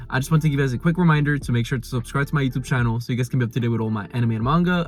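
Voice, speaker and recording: A young man casually reviewing an anime episode, rambling with lots of "like" and restarts. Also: mid-range voice. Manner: animated paraphrasing of characters.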